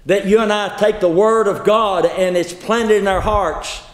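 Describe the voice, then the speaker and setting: A man preaches in a folksy storytelling way, with a fairly high voice. He repeats himself and stretches some phrases out slowly. The sound rings around an echoey church hall. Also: steady tone.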